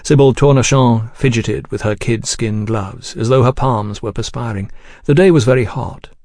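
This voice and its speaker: A man reading a novel aloud in measured, even narration. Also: medium pitch, creaky, no echo, clean studio sound. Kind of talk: scripted audiobook narration.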